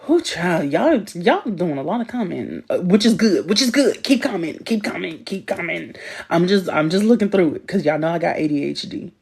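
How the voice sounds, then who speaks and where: Woman, casual livestream host, animated, emphatic, lowish voice. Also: a little fast, vocal fry, breathy edge. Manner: animated, laughs often, chatty and emphatic. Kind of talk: casual livestream chat reading comments.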